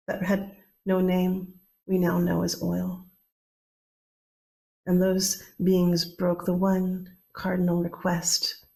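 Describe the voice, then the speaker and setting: A woman telling a myth in a relaxed, conversational way, with restarts and playful asides. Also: fairly low pitch. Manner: conversational, playful, with many restarts and animated quoted voices. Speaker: storyteller. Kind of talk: oral mythtelling.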